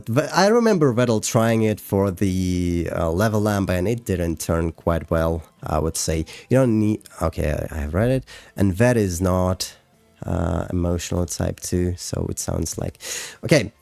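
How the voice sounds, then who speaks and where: Russian-accented male streamer, low and unhurried, hesitant and filler-heavy. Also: gravelly, a little mellow, dry recording. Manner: halting and hesitant, with frequent fillers and restarts. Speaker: streamer and animator. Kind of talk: casual livestream chat, reading chat and explaining.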